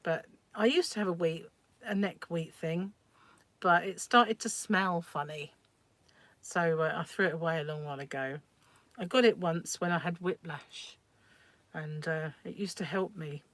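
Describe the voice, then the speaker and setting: A woman's voice: lowish voice, a little slow, fairly bright tone, no echo. A middle-aged woman hosting a crochet livestream at home, chatting casually and laughing often as she rambles through viewer comments.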